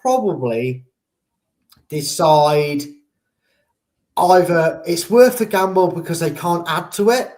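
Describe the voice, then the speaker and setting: A man with a somewhat raised pitch talks through football issues in a loose, rambling way. He jokes as he goes and swaps in silly made-up words to dodge touchy terms. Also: lively intonation, slow pace, long pauses, darkish tone. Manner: joking, rambling, uses playful made-up euphemisms. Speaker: co-host and pundit. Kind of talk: casual discussion.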